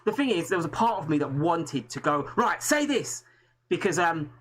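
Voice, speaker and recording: A man's voice: a little high, expressive, brisk, husky, poor audio. An English man hosting a live stream, talking earnestly in a rambling way with many restarts. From England. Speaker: host. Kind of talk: casual live-stream chat.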